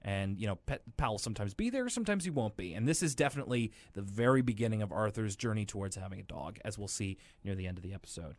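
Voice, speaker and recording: A man co-hosting a podcast, recapping a cartoon in casual, animated chat with sarcastic asides. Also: medium pitch, dry recording. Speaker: podcast co-host.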